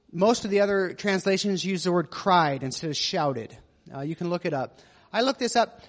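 A man with a notably high voice delivers a sermon as a pastor. He teaches conversationally, tossing in asides and rhetorical questions. His words ring with the long reverb of a large church hall. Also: fairly bright tone.

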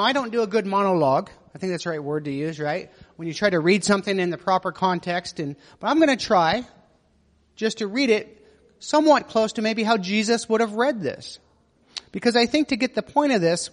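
High-voiced man preaching in a big hall. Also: animated, a little fast. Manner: conversational teaching with frequent asides and rhetorical questions. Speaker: pastor. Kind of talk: sermon.

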